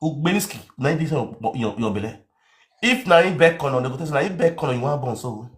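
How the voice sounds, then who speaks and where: A man with a Nigerian accent giving an animated comic rant, swinging into shouts and mock accents. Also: medium pitch, quick pace. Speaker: comedian.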